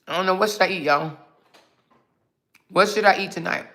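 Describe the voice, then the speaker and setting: A woman hosts a casual livestream and talks to her viewers with a sharp, bright tone. She reads out their comments, teases and mocks them, and nibbles on snacks as she goes. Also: lowish voice, normal speed. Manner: sassy, mocking, talks straight to viewers. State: snacking while talking. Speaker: livestream host.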